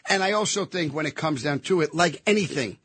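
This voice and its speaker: Emphatic male guest, repeats himself for effect, slightly high voice. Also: fast, fairly bright tone, dry recording. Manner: emphatic, repetitive storyteller. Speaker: actor and guest. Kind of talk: casual interview chat.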